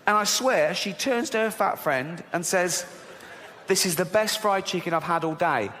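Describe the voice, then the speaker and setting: A man's voice: high-pitched, moderate pace. A middle-aged man doing a sweary, mocking stand-up routine full of rhetorical asides. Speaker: stand-up comedian. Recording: large hall with crowd noise.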